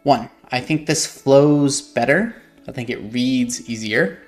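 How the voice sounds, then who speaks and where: A man's voice: medium pitch, slow, faint music behind. A man, an author, reading passages from his own novel aloud and explaining his edits in a thoughtful, hesitant way, often correcting himself.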